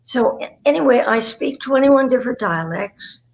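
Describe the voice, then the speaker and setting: In a storytelling interview over a remote livestream call, a ninety-something voice actress guests and tells self-mocking, wandering stories about her career. She sounds a little high and animated at a normal speed, though the audio is poor.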